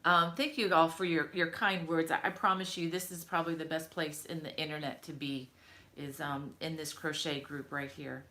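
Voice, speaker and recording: This is a middle-aged crochet host on a home live stream, her low voice fairly even in intonation and moderate in pace. Chatty and warm, she welcomes viewers by name and leans heavily on fillers.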